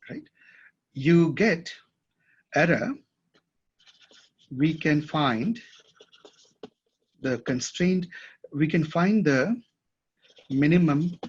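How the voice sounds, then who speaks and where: A man's voice: a little high, husky. A man teaching a class at a whiteboard, thinking aloud and often checking that his students follow. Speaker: instructor. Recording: dull lo-fi classroom recording.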